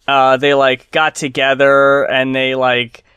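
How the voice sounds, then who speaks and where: A man hosting a podcast in casual chat, measured and opinionated, with a dry delivery. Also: medium pitch, monotone, pushed and bright, clean tone, no room sound, highs cut off. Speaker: podcast host.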